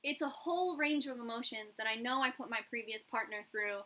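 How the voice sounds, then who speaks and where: A woman's voice: fairly high pitch, brisk, sharp tone, poor audio. A young woman, a YouTuber and hairstylist, telling a candid, profane story in a casual vlog and acting out the dialogue.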